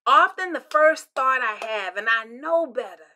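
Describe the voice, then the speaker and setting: With a high, animated voice at a measured pace, an older woman pastor gives an expressive devotional sermon, alternating loud emphasis with hushed, almost whispered passages.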